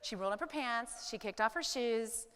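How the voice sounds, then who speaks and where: A woman in her forties giving a motivational talk to a live audience, telling stories in an animated way and acting out her own thoughts. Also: fairly high pitch, moderate pace, long reverb tail, a little hiss or hum. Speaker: business speaker.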